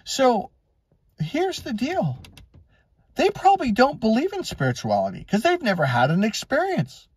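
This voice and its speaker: A middle-aged man from Wisconsin telling personal stories as a life coach, animated and acting out quoted voices. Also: moderate pace, husky, dry recording. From Wisconsin, USA. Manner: animated, swings between high and low pitch, acts out quotes. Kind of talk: personal storytelling monologue.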